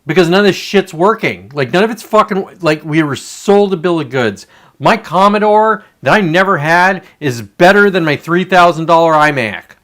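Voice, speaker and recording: A man's voice: fairly high pitch, lively intonation, normal speed, fairly bright tone. A man ranting on a casual livestream, frustrated and profane, rambling with many restarts. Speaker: livestreamer and real estate agent.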